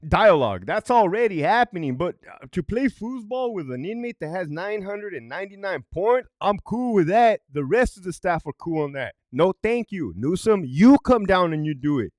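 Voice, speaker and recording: A man's voice: sits high, normal speed, few pauses, dry recording, studio quality. A middle-aged man, a former correctional officer, telling prison stories in a profane, worked-up way and keeps asking "right?". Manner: animated and worked up. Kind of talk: storytime commentary.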